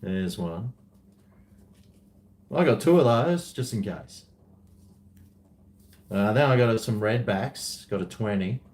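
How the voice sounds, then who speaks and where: A man's voice: on the low side, lively intonation, slow, pauses often, darkish tone. A man with an Australian accent chatting casually to camera, rambling and self-mocking as he drifts between asides. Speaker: vlogger.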